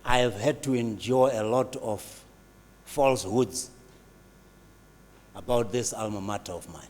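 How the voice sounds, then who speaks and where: A man's voice: medium pitch, unhurried, pauses often. An older man giving a speech and telling jokes in a storytelling way. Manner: storytelling, animated with voices. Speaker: university alumnus speaker. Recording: reverberant hall.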